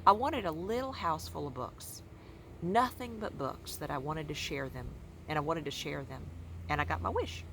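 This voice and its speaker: A woman voicing a gentle, talkative elderly librarian in a children's book read-aloud, drawing out her story and repeating "yes, ma'am". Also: sits low, normal speed, noisy background. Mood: reminiscing.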